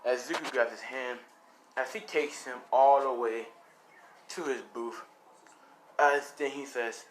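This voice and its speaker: A man's voice: medium pitch, a little slow, pauses often, noisy background. A man casually narrating a fan-made story, rambling with lots of fillers. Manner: rambling, many fillers like "you know" and "as".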